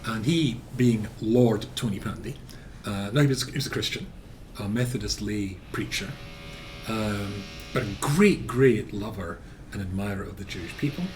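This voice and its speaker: A man, a rabbi teaching a lesson as an animated storyteller, full of filler words. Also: on the low side, noisy background.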